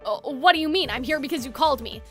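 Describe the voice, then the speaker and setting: A woman voicing a calm, modest young man who bakes, speaking gently and a little lower than her usual voice. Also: fast talker, soft background music, lightly acted. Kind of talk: voicing game dialogue aloud.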